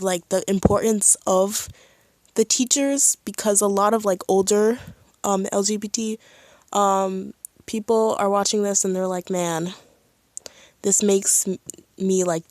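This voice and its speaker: A woman streaming live, chatting casually and excitedly as a fan, with lots of "like" and "um". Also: medium pitch, measured pace, no room sound. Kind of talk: casual chat.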